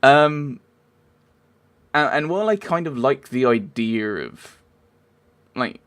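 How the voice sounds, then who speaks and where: A man's voice: medium pitch, lively intonation, slow, a bit bright, clean tone. A man giving rambling, casual commentary over a video game, with wry asides and frequent self-interruptions. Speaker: let's play gamer.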